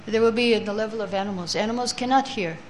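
A woman leads a scripture class, chanting verses slowly before reading them out and explaining each one. Her voice sits at an ordinary middle pitch, and a faint hiss of background noise runs under it. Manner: chants Sanskrit verses slowly, then reads translations and explains; takes answers from the class.

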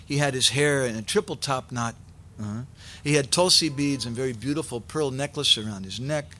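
A man preaching, telling a sacred story in an animated way and acting out its characters. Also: mid-range voice, a little fast, a little hiss or hum. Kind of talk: sermon storytelling.

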